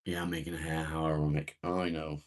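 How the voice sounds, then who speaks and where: A man hosting a casual morning live chat, greeting viewers by name and answering their comments in an unhurried, rambling way. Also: very deep voice, level tone. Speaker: live-stream host reading viewer comments.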